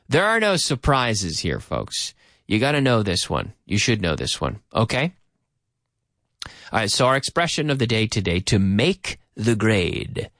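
Radio english teacher guy, really bouncy voice, says words over and over slowly, dry studio mic. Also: mid-range voice, no echo. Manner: animated, drills words by repeating them slowly; drops in Spanish phrases. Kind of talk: live radio lesson. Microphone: studio microphone with headphones.

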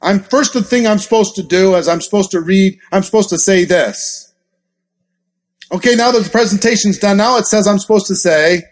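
A man with a high, light voice coaching an audience on sales. He talks in an animated way and acts out sample scripts with gasps and quick shifts in delivery. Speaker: sales trainer. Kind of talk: live training talk with role-play examples.

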